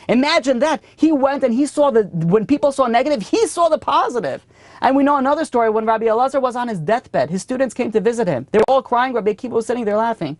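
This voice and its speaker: A man's voice: extremely high pitch, expressive, fast talker, dry recording. A man teaching a class as a rabbi, telling stories animatedly and often repeating and restarting his phrases. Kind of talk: storytelling Torah lesson.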